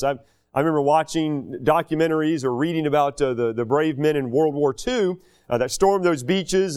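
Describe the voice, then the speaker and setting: A man preaching a sermon, teaching through a Bible passage in an unhurried way and stretching out key phrases for emphasis. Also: high voice, clean tone.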